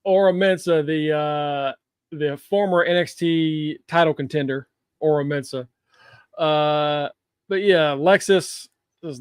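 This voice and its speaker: A male podcast host recapping the week's wrestling in an easygoing, conversational tone. His voice sits a little high for a man and sounds close and dry. He drops casual swears and filler as he goes. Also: takes it slowly, smooth, dry recording. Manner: laid-back recapping, relaxed swearing.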